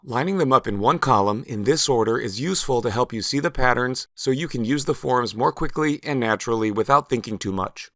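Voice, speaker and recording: A man narrates a language lesson in a bright, clear voice. He speaks slowly and carefully and leans hard on stressed syllables as he models words. The close recording is dry, with no room around it. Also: medium pitch, animated, dry recording. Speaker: Spanish teacher.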